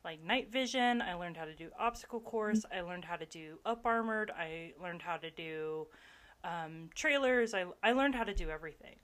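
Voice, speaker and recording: A woman from the American South with a Southern accent, telling army stories in a casual chat, animated and laughing often. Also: on the low side, normal speed. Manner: animated, laughing storyteller with frequent fillers. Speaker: army veteran guest.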